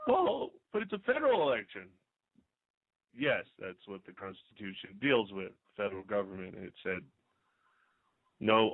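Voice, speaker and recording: A man's voice: fairly low pitch, very animated, measured pace, pauses often, no echo. Sarcastic guy ranting on his radio show, tinny phone sound, dead dry. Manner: ranting, sarcastic, restarts mid-sentence. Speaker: internet radio host. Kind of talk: opinionated talk-radio commentary.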